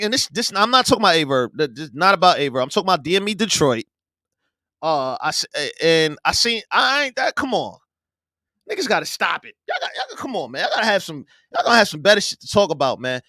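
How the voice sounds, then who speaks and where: A man hosting a live online show, ranting loudly and profanely with bursts of yelling. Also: high voice, no room sound, studio quality. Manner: loud, profane, animated, yelling at times. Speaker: podcast host. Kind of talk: heated live-stream rant.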